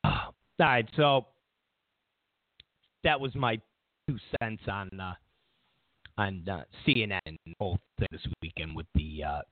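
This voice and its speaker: Gravelly man ranting over a tinny line. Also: deep voice, unhurried, pauses often, dry recording. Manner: blunt, profane, mocks opponents in whiny voices. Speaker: political commentary host. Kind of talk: ranting opinion monologue. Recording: tinny phone-like audio.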